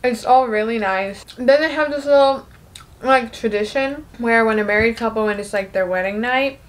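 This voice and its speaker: A young woman talking casually and quickly as she recaps a musical, dropping into quick voices for the characters. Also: fairly high pitch. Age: young adult. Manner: chatty, fast, acts out the lines with quick put-on voices. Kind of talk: casual recap while eating.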